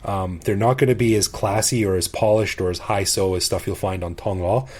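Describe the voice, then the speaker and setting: Casual conversation comes from a middle-aged man co-hosting a podcast, an expat living in Bangkok. His lowish, darkish, slightly rough voice holds a steady tone at a fairly quick pace, and he's enthusiastic, often laughing and restarting what he says.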